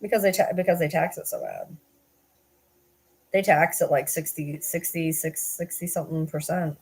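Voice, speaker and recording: A woman's voice: sits low, very animated, normal speed, a little mellow, husky. A woman, chatting casually on a live stream, rambling and swearing with frequent laughs. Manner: rambling, swears, laughs often, self-deprecating.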